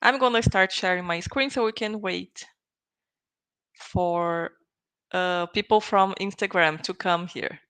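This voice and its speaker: A woman's voice: lowish voice, slow, a bit bright, clean tone, poor audio. A woman whose first language is Portuguese teaching a live online English grammar lesson, patient and often checking in with "okay?" and "right?".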